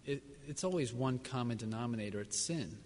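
A man's voice: medium pitch, animated, a little fast, a little mellow. A man as a missionary answering questions at a church service, earnest, reflective and plainspoken. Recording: long reverb of a large hall.

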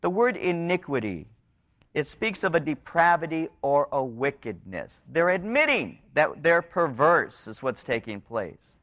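A middle-aged man with a high voice delivers a sermon in a church. He climbs into pleading stretches and then sinks into low, hushed lines. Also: sing-song, measured pace. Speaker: pastor.

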